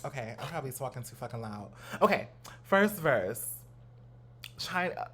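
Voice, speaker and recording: A young man hosting his own channel, chatting in a casual, animated way with lots of slang and asides, at home on a new studio mic. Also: mid-range voice, moderate pace, long pauses, slight background noise. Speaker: host. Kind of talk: casual reaction commentary.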